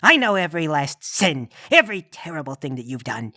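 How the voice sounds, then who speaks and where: A man doing a low, menacing Krampus demon. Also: big pitch swings, bright, forceful tone, no room sound, clean studio sound, exaggerated voice. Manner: low, slow, cold and accusing. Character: looming menacing male Krampus demon, judging sinners.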